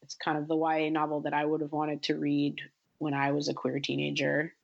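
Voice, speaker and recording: A woman with a low, gravelly voice talks about her writing in a thoughtful, halting way. The audio sounds dull and a bit lo-fi. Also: monotone. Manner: thoughtful, hesitant, many ums and restarts. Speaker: guest writer. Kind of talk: casual interview chat.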